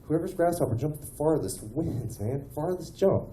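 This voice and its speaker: A man performing a rambling stand-up comedy set on a small club stage, telling animated stories and tossing in "man" often. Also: a little high, normal speed, a little hiss or hum. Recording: echoey club room with faint ambience.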